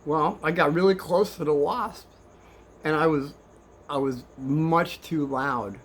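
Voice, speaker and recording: A man's voice: on the high side, slow pace, slight background noise. Rambling older man telling kids a story. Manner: rambling, animated, swings between hushed and excited.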